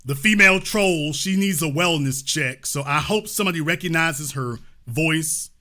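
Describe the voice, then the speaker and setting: High, bright-voiced mocking male host. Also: moderate pace. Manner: mocking, insulting and repetitive. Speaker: show host. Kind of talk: call-in show arguing with a caller.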